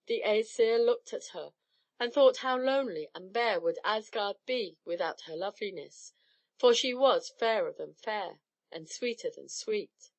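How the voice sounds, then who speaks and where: A woman narrating an old myth as an audiobook, in an expressive storybook style. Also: mid-range voice, measured pace.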